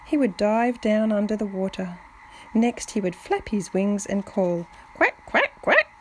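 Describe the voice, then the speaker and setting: A woman reading a children's picture book aloud to family, gently, with soft whispered touches. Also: medium pitch, a little hiss or hum, poor audio. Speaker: family storyteller.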